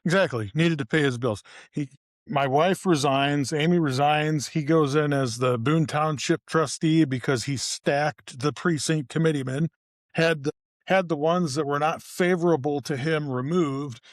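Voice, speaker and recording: A middle-aged man, co-hosting a podcast in a casual, profane rant. His voice sits a little high for a man, and his pitch jumps suddenly when he gets worked up. The studio sound is close and dry. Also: a little slow, dry recording. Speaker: podcast co-host. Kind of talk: casual ranting chat.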